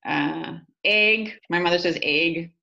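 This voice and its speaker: A woman chatting casually, telling animated anecdotes with quick asides. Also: lowish voice. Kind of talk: casual chat, storytelling. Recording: slightly muffled recording.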